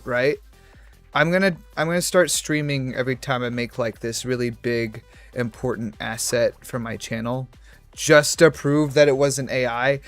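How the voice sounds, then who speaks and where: A man's voice: medium pitch, no echo. A young man chatting casually on a game livestream, rambling from one tangent to the next and poking fun at himself. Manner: rambling, tangent-hopping, self-deprecating. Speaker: streamer. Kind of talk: casual livestream chat while gaming.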